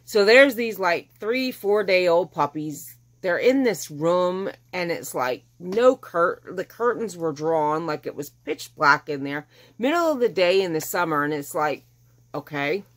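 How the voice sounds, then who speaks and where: A middle-aged woman vlogger tells the long, rambling story of her rescue, chatting casually and acting out what people said. Her voice is on the low side, animated and unhurried.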